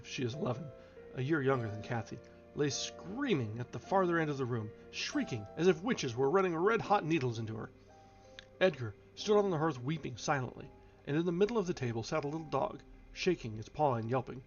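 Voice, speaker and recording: Man reading a classic novel aloud. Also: medium pitch. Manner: expressive reading with occasional slips and restarts. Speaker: audiobook reader. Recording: dull lo-fi recording with faint music.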